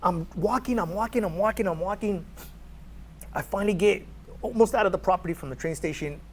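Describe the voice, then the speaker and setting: Gravelly man telling a story. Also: sits high, brisk, slight background noise. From California. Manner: animated, repeats words, acts out quoted dialogue. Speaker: podcast guest. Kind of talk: conversational storytelling.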